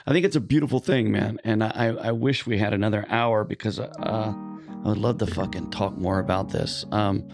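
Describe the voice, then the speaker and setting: A man hosting a casual podcast chat, effusive and laid-back, swearing and filling pauses with "um" and "uh". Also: lowish voice, gravelly, music in the background. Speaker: podcast host.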